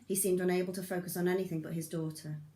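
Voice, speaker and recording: A woman narrating a novel in an audiobook reading, steady and measured. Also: on the low side, roomy sound. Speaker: audiobook reader.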